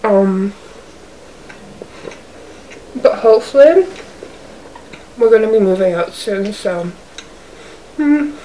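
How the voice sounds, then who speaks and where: A mukbang vlogger eats on camera in her apartment, chatting in a loose, rambling way packed with "like." Her mid-range voice is expressive, slow and mellow with long pauses, picked up by the camera's own zoomed-out mic with faint hiss.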